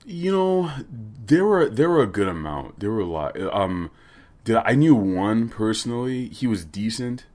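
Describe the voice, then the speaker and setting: A man hosting a podcast, chatting casually in a loose, excitable, joking way. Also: lowish voice, moderate pace. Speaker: podcast host.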